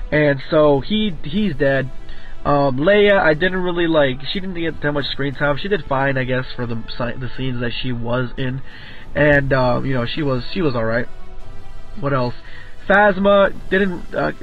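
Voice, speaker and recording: A man giving a casual, rambling film review, full of fillers, restarts and swearing. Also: medium pitch. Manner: rambling, filler-heavy, profane. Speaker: movie reviewer. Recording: tinny phone-like audio with faint music.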